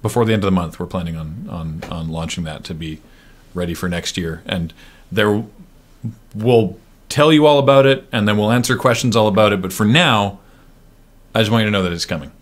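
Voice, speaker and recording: A man's voice: lowish voice, fairly quick. A man hosting a stream aftershow, chatting casually and rambling with plenty of fillers. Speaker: stream host. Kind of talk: casual chat.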